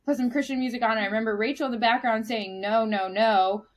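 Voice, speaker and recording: A woman in a casual interview, asking direct questions and briskly recounting what happened. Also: a little high. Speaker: guest.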